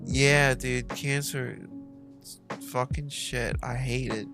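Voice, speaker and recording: Slow, rambling, profane male streamer. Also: mid-range voice, fairly even intonation, music in the background. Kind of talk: casual chat while gaming.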